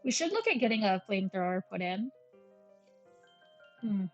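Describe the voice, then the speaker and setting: A woman's voice: mid-range voice, big pitch swings, moderate pace, muffled recording, faint music behind. A young woman chatting casually and self-deprecatingly as she comments on a game she is playing at home, drifting off into tangents. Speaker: gaming channel host. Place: at home with her cats.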